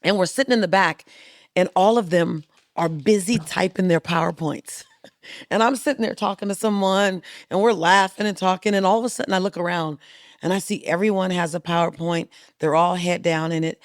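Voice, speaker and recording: A middle-aged woman telling a story as a guest in a podcast interview, lively and acting out the voices of the people she quotes. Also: fairly low pitch, normal speed, no echo, studio quality. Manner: animated, acts out quoted voices. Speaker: guest speaker.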